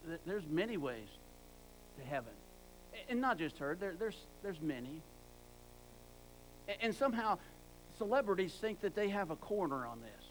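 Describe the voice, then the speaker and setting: Male preacher, high voice, emphatic and repetitive, restarts words, faint hum underneath. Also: sing-song, normal speed, pauses often, poor audio. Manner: emphatic, repeats words for stress. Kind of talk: sermon.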